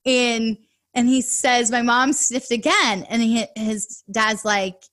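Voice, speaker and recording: A woman in her thirties, a money coach, tells stories with quick asides as a podcast guest. Her voice sits on the high side, a bit bright, with fairly even intonation.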